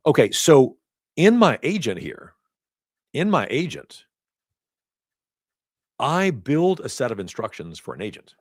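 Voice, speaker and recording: Male instructor, low and animated delivery, conversational lecture style with self-corrections, dry recording. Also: moderate pace, dry recording. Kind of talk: live certification lecture. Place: training event room.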